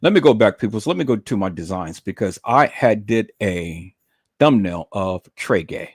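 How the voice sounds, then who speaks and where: A man's voice: fairly low pitch, big pitch swings, moderate pace, breathy edge, no room sound, clean studio sound. A man ranting on a livestream, profane, mocking and repetitive. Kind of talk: livestream rant.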